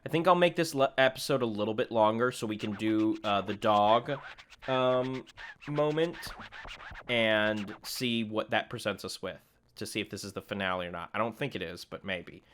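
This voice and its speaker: A man casually commentating his own gameplay, chatty and self-deprecating, thinking out loud as he plays. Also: fairly low pitch, normal speed. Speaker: gaming video host. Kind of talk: casual let's-play commentary.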